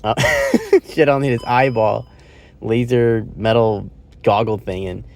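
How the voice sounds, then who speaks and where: A man's voice: on the low side, sing-song, slow, vocal fry, darkish tone. Rambling man reviewing a movie in his car. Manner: rambling and loose, frequent fillers, swearing, laughing at his own retelling. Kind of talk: casual spoken movie review. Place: inside a parked car.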